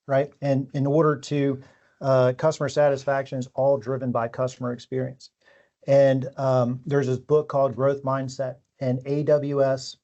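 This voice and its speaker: Man, stammering restarts, casual guest answers, mid pitch, slightly dull audio. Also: a little mellow. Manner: hesitant, repeats words. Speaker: new employee and guest. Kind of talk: casual on-camera chat. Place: company office.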